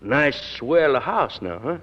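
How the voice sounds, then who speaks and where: An old Italian voice teacher, thick accent, broken English, husky voice with big swings of pitch, scratchy old radio sound. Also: male voice, takes it slowly, highs cut off. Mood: hurt. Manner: emotional, hesitant, lively. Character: fond older Italian male singing teacher. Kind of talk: 1940s radio acting. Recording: scratchy 1940s radio recording.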